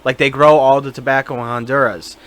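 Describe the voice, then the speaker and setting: A man's voice: medium pitch, fairly even intonation, brisk, fairly bright tone. A young man co-hosting a podcast in casual chat, laid-back and jokey, acting out quoted voices. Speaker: podcast co-host.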